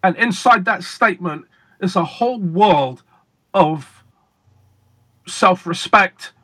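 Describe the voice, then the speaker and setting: A man being interviewed as a guest magician, telling stories in a deliberate, emphatic way with pauses for effect. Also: high-pitched, sharp tone. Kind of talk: casual interview storytelling.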